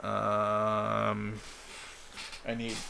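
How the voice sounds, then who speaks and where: A man running a tabletop game as dungeon master, halting and full of "uh"s as he checks the rules. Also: lowish voice, monotone, gravelly, background noise. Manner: halting, fills pauses with "uh", laughs along.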